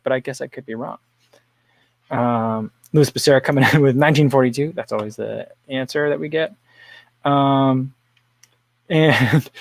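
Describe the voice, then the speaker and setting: A man's voice: on the high side, no echo. Dry, rambling livestream host man. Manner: rambling, chuckles often, reads viewer comments aloud. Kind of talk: casual livestream chat.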